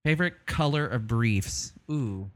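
A man's voice: medium pitch, expressive, a little slow. Rambling joking male co-host. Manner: joking, crude, rambling with many ums. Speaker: co-host of a live show. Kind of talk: casual banter.

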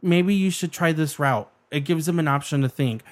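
A man's voice: on the high side, moderate pace. Man, podcast co-host, casual chat, hesitant, restarts, fillers. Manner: hesitant, many restarts and fillers, laughs often.

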